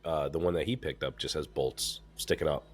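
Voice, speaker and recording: A man hosting a podcast in casual chat, congested and stuffed up, talking in a relaxed way with lots of fillers and swearing. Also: a bass voice, fairly quick. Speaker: podcast host.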